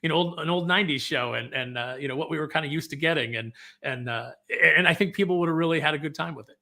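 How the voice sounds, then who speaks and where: A man's voice: on the high side, quick pace, gravelly, sharp tone. A man co-hosting a casual panel podcast, rambling and repeating words as he thinks. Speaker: podcast co-host.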